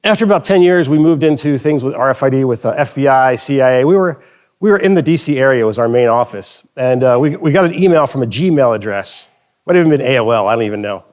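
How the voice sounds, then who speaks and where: A man's voice: mid-range voice, animated, fast, a little mellow. Casual storytelling man on stage. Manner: casual, joking storyteller with restarts. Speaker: conference presenter. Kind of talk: conference talk with anecdotes. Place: stage in front of an audience.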